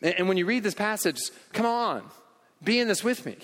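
A pastor gives a sermon in an earnest, emphatic way, repeating words as he goes. His voice sits a little high for a man. It carries with a long reverb through a large church hall. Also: expressive, brisk, a bit bright.

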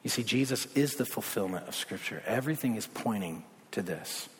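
A man preaching a sermon in a casual, conversational way, full of asides, swinging from loud bursts down to hushed low passages. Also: expressive, brisk, slight background noise. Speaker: pastor. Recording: long reverb of a large hall.

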